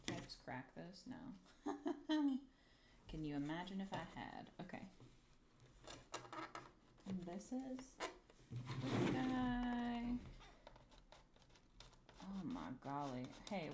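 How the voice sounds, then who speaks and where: A woman's voice: on the low side, very animated, slow, long pauses, noisy background. A woman chatting on a casual livestream while she builds a craft piece, nervous, swearing often and talking to herself. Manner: talks to herself and the objects. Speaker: streamer.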